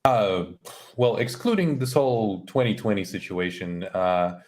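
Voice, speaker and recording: A man's voice: on the low side, lively intonation, unhurried, darkish tone. A young man on a stream telling a story in a loose, casual way, swearing and sounding exasperated.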